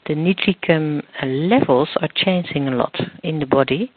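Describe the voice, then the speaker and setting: A man's voice: a little high, normal speed, slightly rough, dry recording. A man being interviewed as a guest expert, explaining at length while searching for words and restarting often. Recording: tinny phone line.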